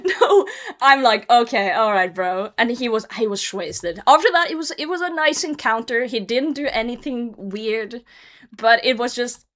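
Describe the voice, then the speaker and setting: Lively, bright-voiced Norwegian woman streamer. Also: on the high side. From Norway. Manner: animated, laughing often, swears casually. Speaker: game streamer. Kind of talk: casual storytelling on a livestream.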